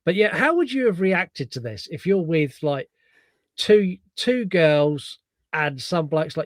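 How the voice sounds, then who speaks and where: British guy co-hosting a podcast, chatty, higher voice, dry sound. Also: measured pace, no echo. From Britain. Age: middle-aged. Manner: chatty, animated retelling of scenes. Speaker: podcast co-host. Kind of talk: casual chat.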